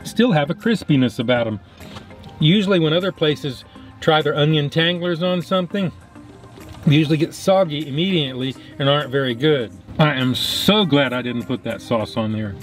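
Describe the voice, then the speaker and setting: A man casually reviewing fast food in his car, enthusiastic and talking with his mouth full. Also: a little high, faint music behind.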